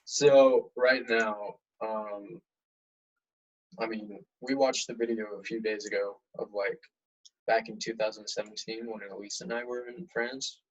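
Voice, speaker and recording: A man's voice: on the low side, measured pace, lo-fi sound. A young man chatting casually and jokily about old memories. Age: young adult. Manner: laid-back, jokey, animated when retelling. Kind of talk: casual reminiscing chat.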